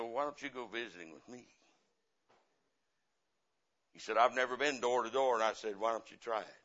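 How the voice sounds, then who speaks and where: A middle-aged guest missionary preaches a sermon in a church, his mid-range voice telling stories with passion. He swings from loud to quiet and repeats phrases for emphasis, and the recording sounds dull and lo-fi.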